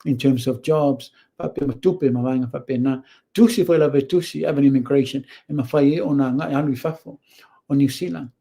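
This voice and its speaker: A man's voice: mid-range voice, a little fast, creaky, warm tone, breathy edge. A man with a Samoan accent hosting a show, giving blunt, opinionated commentary and mixing Samoan with English. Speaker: host. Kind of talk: casual commentary.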